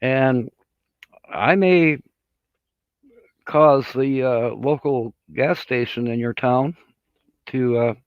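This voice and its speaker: Folksy guy chatting on his stream, slow and rambly, dull dry sound. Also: mid-range voice, no room sound. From Michigan. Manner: rambling, folksy, laughs at his own jokes. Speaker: livestream host. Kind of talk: casual chat.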